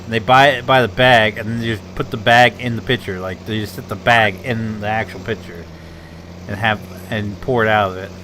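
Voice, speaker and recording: A man's voice: on the low side, fairly even intonation, a little fast, sharp tone, slight background noise. A man chatting casually during a gaming session, rambling and correcting himself as he talks. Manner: rambling, hesitant. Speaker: gamer.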